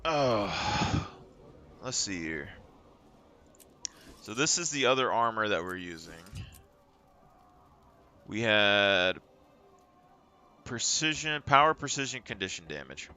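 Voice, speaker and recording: A man's voice: fairly low pitch, sing-song, slow, long pauses, bright, forceful tone. A young man streaming a game, chatting and rambling through stories as he plays. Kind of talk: casual chat while playing.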